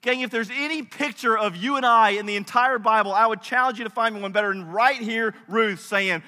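Male pastor, high bright voice, emphatic, chatty preaching, reverberant hall. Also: a little fast, hardly any pauses. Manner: conversational, emphatic preaching with asides. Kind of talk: sermon.

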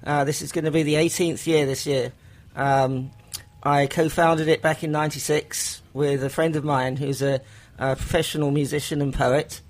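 An English man talking as a radio guest about the festival he co-founded, halting with frequent ums and restarts. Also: fairly high pitch, little pitch movement. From England. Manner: hesitant, many ums and restarts. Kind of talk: casual radio chat.

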